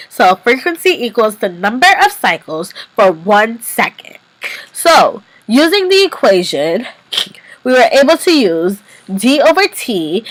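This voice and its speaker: Young woman, stuffy nasal cold voice, methodical homework explainer, lively high pitch. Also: no room sound, poor audio. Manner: methodical, repeats steps. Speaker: student explaining a physics problem. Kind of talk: step-by-step homework walkthrough.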